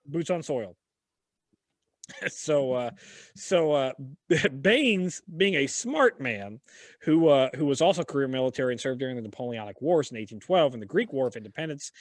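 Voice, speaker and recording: A man co-hosting a casual history podcast, telling the story in an animated, profane way with sudden shouted bits. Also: medium pitch, moderate pace, no room sound. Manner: animated, swearing, jumps into shouted impressions. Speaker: podcast co-host.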